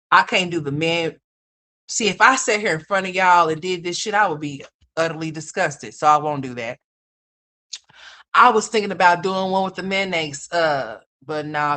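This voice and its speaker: Bold, profane woman livestream host. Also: low-pitched. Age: adult mother. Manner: loud, profane, animated, calls viewers "y'all" and "honey". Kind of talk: casual livestream commentary reacting to chat.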